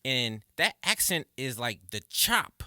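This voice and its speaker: A man teaching drums in a casual video lesson, counting beats and calling stickings loudly, then chatting expressively. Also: mid-range voice, slow pace, smooth, dry recording, clean studio sound. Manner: chatty, expressive, says okay and right often. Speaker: drum teacher.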